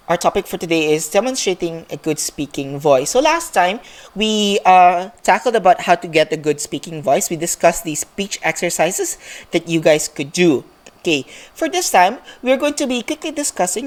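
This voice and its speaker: Lower-voiced woman teaching a class. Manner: explanatory, checks in with frequent "okay?" and "right?". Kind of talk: recorded online class lesson.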